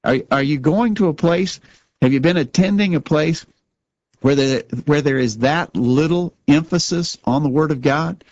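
A man co-hosting a religious radio talk show speaks earnestly, often repeating words as he begins a sentence. His voice is a little high and a little mellow, on a lo-fi recording without echo.

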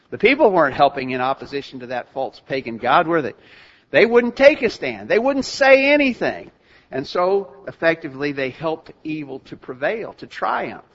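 A man's voice: fairly high pitch, fairly bright tone. Older man preaching a sermon, muffled recording. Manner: earnest, conversational preaching with rhetorical questions.

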